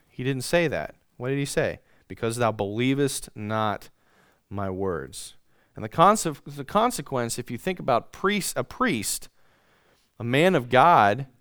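Smooth-voiced man preaching a sermon. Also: mid-range voice, no echo, studio quality. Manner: reads scripture aloud, stresses key words; asks the congregation questions and answers them. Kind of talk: sermon with Bible reading.

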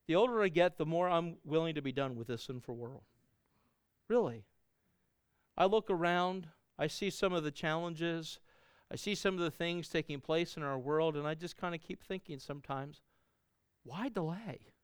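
A middle-aged male pastor preaching with earnest conviction, his phrases swelling louder and then falling away soft. The voice is smooth and resonant, recorded close and dry with no room sound. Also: fairly high pitch, moderate pace, dry recording. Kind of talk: sermon.

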